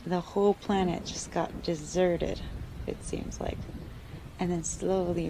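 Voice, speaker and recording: Gravelly young woman telling spooky stories. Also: on the low side, steady tone, unhurried, noisy background. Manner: casual, uses "like" a lot. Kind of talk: casual spooky storytelling.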